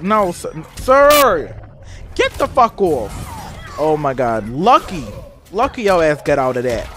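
A gaming streamer reacting live to a fighting game, with loud, profane trash talk and sudden high squeals.

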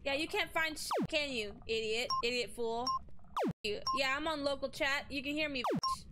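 A woman streamer giving profane, taunting gameplay commentary, yelling insults at the screen. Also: high-pitched, normal speed, over loud music.

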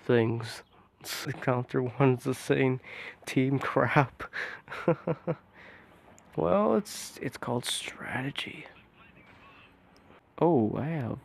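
A man giving casual, excitable commentary over his own gameplay, with frequent exclamations and groans, sometimes dropping to a soft mutter. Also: mid-range voice, vocal fry.

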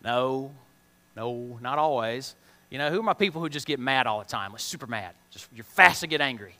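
A man's voice: mid-range voice, lively intonation, moderate pace, pushed and bright. A man teaching a children's Bible lesson in a chatty way, often asking the kids questions and using plain, slangy words. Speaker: kids' church teacher. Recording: long reverb of a large hall.

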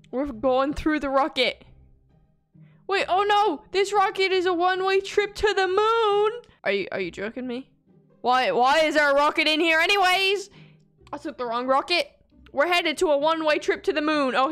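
A woman giving excitable commentary while playing a video game, gasping and squealing at every obstacle. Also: high voice. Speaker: gaming video creator. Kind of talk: playthrough commentary.

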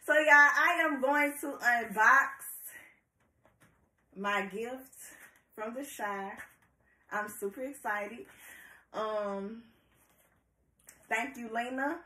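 A bubbly woman chats to her viewers, her voice bright and fairly high. She speaks slowly and laughs often. The sound echoes around a room at home. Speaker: YouTube reviewer. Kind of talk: excited casual vlog.

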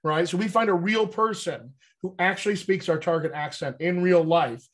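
A man's voice: high voice, moderate pace. A man, a dialect coach, explaining in a teacherly way and often checking in with "right?". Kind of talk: explanatory interview talk.

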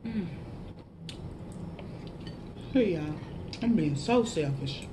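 A woman's voice: on the low side, extremely slow. Chatty lady doing a mukbang, mm-hmms between bites, noisy background. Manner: laughs at herself, animated shout-outs to viewers. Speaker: mukbang vlogger. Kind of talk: casual eating vlog chat.

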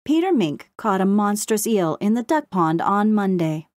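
A woman's voice: medium pitch, big pitch swings, moderate pace, a little mellow, no room sound, studio quality, voice pushed up, close to an everyday voice. A woman doing a fussy sing-song crow. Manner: sing-song, clipped news-report delivery. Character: fussy male crow playing newspaper. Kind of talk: audiobook character voice.

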